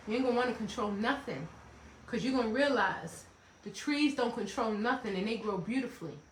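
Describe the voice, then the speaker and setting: A woman's voice: fairly high pitch, roomy sound, a little hiss or hum. A woman giving a motivational self-help talk, emphatic and repetitive, breaking into playful asides. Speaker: life coach hosting a self-help talk.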